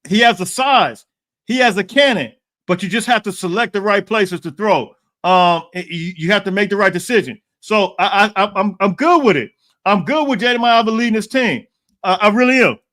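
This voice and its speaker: A man hosting a podcast live stream in casual chat. He often repeats and restarts words, clears his throat and reads out viewer comments. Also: sits high, expressive, moderate pace, fairly bright tone. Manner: frequent throat clearing and coughs. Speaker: podcast host.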